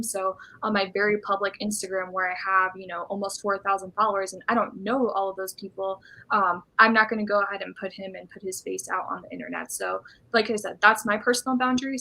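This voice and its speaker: A young woman with a bright, forceful voice chats as a guest on a live stream. She talks loosely and fills her sentences with "like," sounding relaxed and open. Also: mid-range voice, vocal fry, low-quality recording. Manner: chatty, frequent "like" fillers, laughs often. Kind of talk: casual live-stream chat.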